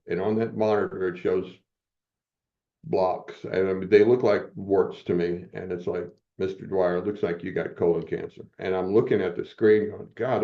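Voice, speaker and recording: Guy in his 70s telling his story on a podcast, fired up and pep-talky, kinda dull lo-fi sound. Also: deep voice. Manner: motivational, acts out quoted dialogue. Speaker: podcast guest. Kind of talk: personal storytelling in a podcast interview.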